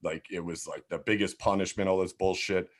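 Deep-voiced man telling stories. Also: steady tone, fairly quick. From Philadelphia, USA. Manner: rambling, heavy swearing, lots of "like" and restarts. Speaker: guest. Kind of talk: casual storytelling in a podcast interview.

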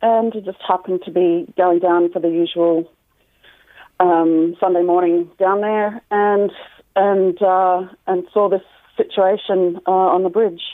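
A woman's voice: on the low side, fairly even intonation, unhurried, no room sound. Australian woman calling in by phone. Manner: friendly, hesitant with fillers. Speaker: caller. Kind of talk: radio phone interview. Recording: phone line on radio.

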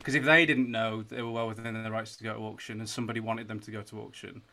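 A man's voice: lowish voice, little pitch movement, fast talker, creaky, pushed and bright. A man hosting a podcast, telling a true-crime story in a rambling way, with restarts and repeated words. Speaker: podcast host.

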